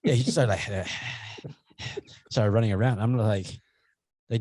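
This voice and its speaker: Casual, low-voiced man telling stories. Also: measured pace, long pauses, dry recording. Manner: rambling, animated storytelling with frequent swearing. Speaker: podcast co-host. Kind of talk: casual chat.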